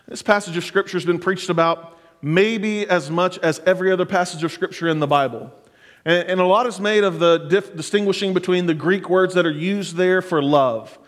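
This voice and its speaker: A man's voice: sits high, moderate pace, a bit bright. A middle-aged man preaching a sermon as pastor, earnest and building to fervent exhortation. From United States. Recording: long hall reverb.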